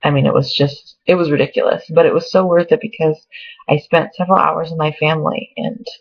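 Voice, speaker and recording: A young woman talks through her weekly vlog update in a chatty, tearful way, her voice full of gravelly fry. The sound is dull and lo-fi, like a simple home webcam recording. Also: low voice, fairly even intonation, brisk. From Oregon, US. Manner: chatty, emotional, on the edge of tears. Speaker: vlogger. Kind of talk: casual pregnancy update vlog.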